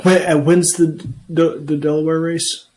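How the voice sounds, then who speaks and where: A man with a slightly high voice co-hosts a podcast. He talks in a relaxed, conversational way, with lots of "mm-hmm"s as he follows his partner's story. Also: measured pace. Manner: attentive listener, frequent "mm-hmm" backchannels. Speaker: podcast co-host. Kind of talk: casual chat.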